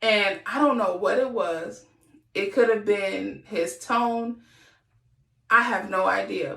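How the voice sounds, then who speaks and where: A woman's voice: medium pitch, gravelly, a bit bright, echoey room. A woman podcast host sharing a candid, earnest personal reflection, sometimes acting out what people said. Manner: earnest, confessional, acts out quotes.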